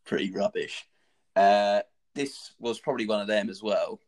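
A young man tells a story over a relaxed chat, his voice sitting a little low. He talks animatedly, swearing and laughing along with his own tale. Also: moderate pace. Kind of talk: casual anecdote telling.

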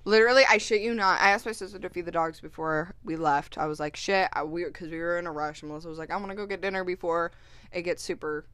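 A woman's voice: lowish voice, fast talker, smooth, no room sound. Profane ranting woman podcaster. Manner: profane, animated storytelling with quoted voices. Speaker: podcast co-host. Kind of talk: casual ranting chat.

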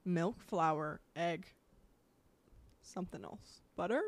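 A woman co-hosting a casual podcast chat, her accent a blend of British and American. She talks in animated, rambling bursts with plenty of laughs and asides. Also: fairly low pitch, takes it slowly. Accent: mixed British and American. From England. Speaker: podcast co-host.

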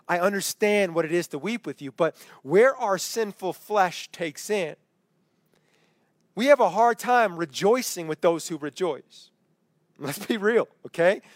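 A man's voice: high voice, no echo. A man teaching a Bible study in a conversational preaching style, often checking in with "okay?" and acting out quoted voices. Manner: acts out quoted voices for emphasis. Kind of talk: sermon. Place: home, over an online meeting.

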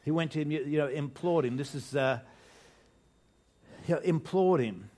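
An older man delivers a sermon to his church in a relaxed, conversational way. His voice sits a little high for a man. He repeats himself, starts phrases over, and keeps turning to the congregation with rhetorical questions. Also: normal speed. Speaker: preacher.

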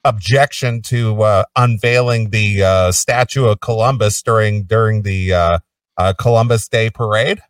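A man hosting a podcast, speaking haltingly with many fillers. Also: lowish voice, no echo, far from the mic. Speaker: podcast host. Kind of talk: casual podcast chat. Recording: dry, mic set back.

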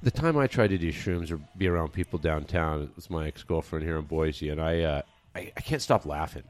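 Low-voiced rambling man. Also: a little fast. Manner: rambling, swears freely, many restarts. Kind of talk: casual podcast chat.

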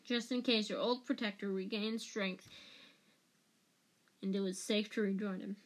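A woman's voice: medium pitch, fairly even intonation, measured pace, natural voice. A woman voicing a bitter, menacing escaped male prisoner who growls and hisses his words venomously. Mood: accusing.

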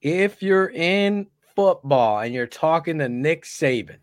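A man's voice: fairly high pitch, lively intonation, slow, no room sound. A man co-hosting a casual sports talk show in a studio, ranting heatedly with plenty of profanity. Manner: heated, profane, storytelling rants. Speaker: podcast co-host. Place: podcast studio.

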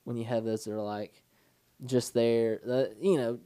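Mellow-voiced young man, rambling. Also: medium pitch, fairly even intonation, clean tone. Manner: rambling storyteller, halting restarts. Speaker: podcast co-host. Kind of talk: casual chat.

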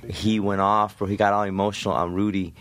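A man's voice: lowish voice, level tone, a little fast, a bit bright. A man, a comedian guest, telling a story casually and peppering it with "bro" and "like". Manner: laid-back, full of "bro" and "like".

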